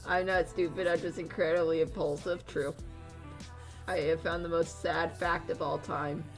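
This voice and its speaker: A woman's voice: fairly low pitch, little pitch movement, normal speed, faint music behind. A young woman chatting casually while she draws on stream, rambling, giggling and swearing offhand. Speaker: streamer drawing a storyboard. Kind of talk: casual chat while drawing.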